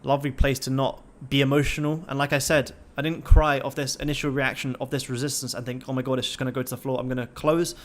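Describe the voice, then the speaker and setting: Young male livestream host, casual and profane, hyped and motivational, average pitch. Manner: swears constantly, pumped-up and motivational.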